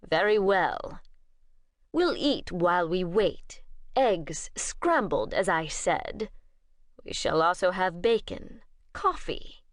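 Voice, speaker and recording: A woman's voice: fairly low pitch, very animated, takes it slowly, dry recording, studio quality. A woman reading an audiobook, voicing a cold, commanding older male vampire lord in a clipped, imperious way. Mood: coldly imperious.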